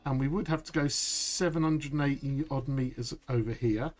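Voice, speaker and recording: A man streaming a survival game live, chatty and upbeat, saying "boom" as he works. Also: moderate pace, darkish tone, faint music behind. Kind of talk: live gameplay commentary.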